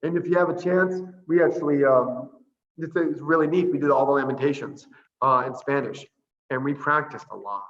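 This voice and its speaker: A man who is a priest and orphanage director, chatting casually over a video call, animated and laughing often as he tells stories. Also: medium pitch, normal speed, muffled recording. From Boston area. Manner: laughing often, animated storytelling with voiced asides.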